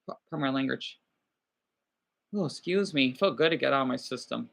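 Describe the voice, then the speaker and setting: A man's voice: mid-range voice, fairly quick, vocal fry, long pauses, a bit bright. A man livestreaming casually, rambling, swearing and apologizing as he answers viewer comments.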